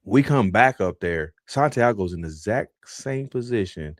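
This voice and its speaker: Male podcast host, low and dry, laid-back rambling storyteller. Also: lively intonation, moderate pace, no room sound. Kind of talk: casual storytelling.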